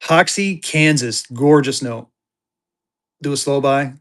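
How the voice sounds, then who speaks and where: A live online auction seller doing fast sales patter, repeating phrases and getting excitable as bids come in. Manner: excitable, voice jumps high when bidding heats up; rapid hype with repeated phrases.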